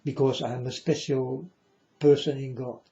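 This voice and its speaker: A man's voice: medium pitch, level tone, unhurried, creaky, dark tone. A man giving a repetitive, insistent preaching monologue to viewers, calling them folks. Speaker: self-styled religious speaker. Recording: dull lo-fi recording.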